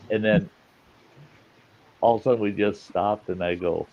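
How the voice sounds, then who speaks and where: A man's voice: sits low, brisk, a little mellow, husky. A middle-aged man telling profane stories around a campfire with a laugh, in casual chat as the host. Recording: muffled lo-fi audio with faint hiss.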